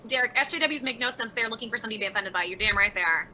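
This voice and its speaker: A woman's voice: fairly high pitch, very fast, pushed and bright, a little hiss or hum, rough recording. A woman livestreaming and reading out chat messages, talking bluntly with lots of swearing and exasperation.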